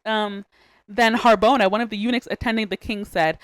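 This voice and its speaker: A young adult woman hosting a podcast, retelling a Bible story in a casual, animated, slangy way with joking asides. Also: mid-range voice, a little fast, no room sound. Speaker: podcast host.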